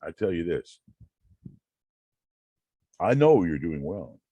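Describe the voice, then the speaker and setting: A man hosting a channel, reading self-help quotes and musing aloud in a slow, rambling way, often repeating words. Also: sits low, big pitch swings, dark tone, husky, no echo, dull audio. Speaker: channel host.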